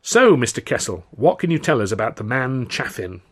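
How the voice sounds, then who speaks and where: A man's voice: medium pitch, sing-song, normal speed, breathy edge. A man playing a breezy, self-assured young comedian who talks in an airy, flamboyant, declamatory way.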